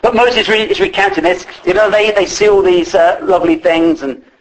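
A man preaching a relaxed, chatty sermon that is often broken up by fillers and restarts. His speaking voice sits somewhat high for a man. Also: normal speed, poor audio. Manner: conversational, with many fillers and restarts.

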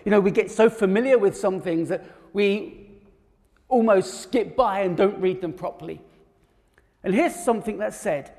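Man, preacher, high voice, conversational sermon, long reverb. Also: normal speed, long pauses, a little mellow. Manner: conversational, with fillers and restarts.

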